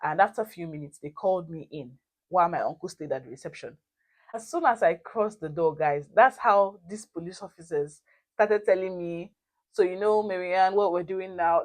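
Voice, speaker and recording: A young woman, talking straight to her viewers in a casual storytime vlog. Her voice sits on the low side, and her delivery is animated and expressive, full of emphasis. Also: moderate pace. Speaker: vlogger.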